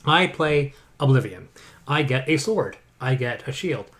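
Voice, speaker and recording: A man talking casually as a co-host, at an ordinary middle pitch. He rambles, trips over his own starts, repeats words as he hunts for the point, and now and then slips in a sarcastic aside. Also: animated, measured pace, a bit bright. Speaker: board game podcast co-host. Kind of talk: casual chat.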